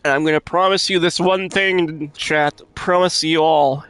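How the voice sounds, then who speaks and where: A man playing a video game and commenting, swearing at enemies, talking to his chat and bursting into loud shouts. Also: on the high side, steady tone, measured pace, no room sound. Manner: profane, trash-talks enemies, addresses chat. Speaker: gamer commenting on his own play. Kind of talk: let's-play commentary.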